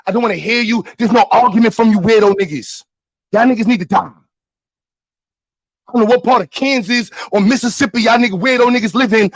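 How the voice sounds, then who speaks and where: Brooklyn man, very high voice, angry shouted livestream rant, dry close sound. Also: no room sound, rough recording. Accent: Brooklyn, New York. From New York.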